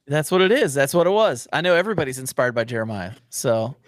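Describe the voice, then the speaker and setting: A man's voice: mid-range voice, very animated, fast, no echo, studio quality. A man hosting a casual podcast interview, joking and teasing, often restarting his sentences. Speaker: podcast host.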